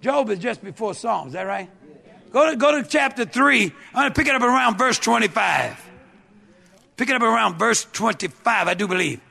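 A man's voice: high voice, lively intonation, moderate pace, vocal fry, bright, forceful tone, breathy edge. A male pastor preaching an emphatic, repetitive sermon.

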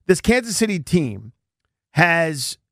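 Animated male sports talk host. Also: on the high side, slow, dry recording, clean studio sound. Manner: animated, voice jumps up when excited.

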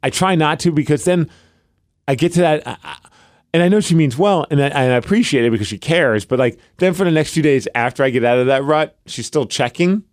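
A man's voice: on the high side, brisk, no room sound. Male podcast co-host, 30s, loose rambling storyteller, dry studio sound. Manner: rambling, animated storytelling with many fillers. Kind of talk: casual chat.

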